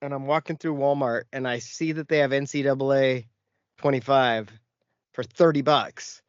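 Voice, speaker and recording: A man's voice: medium pitch, fairly even intonation, normal speed, clear, resonant tone, dry recording, highs cut off. A man co-hosting a podcast, telling rambling stories in casual chat and laughing often. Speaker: podcast co-host.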